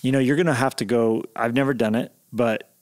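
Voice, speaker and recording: A man's voice: medium pitch, fairly even intonation, brisk, a little mellow. A man hosting a podcast, asking curious questions and riffing on tangents with a joking manner. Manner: curious, joking interviewer who riffs on tangents. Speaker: podcast host. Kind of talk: casual podcast conversation.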